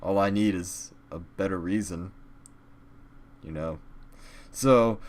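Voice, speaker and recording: A young man hosting a comedic vlog in character, rambling crudely with sudden loud outbursts. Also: lowish voice, expressive, slow, long pauses.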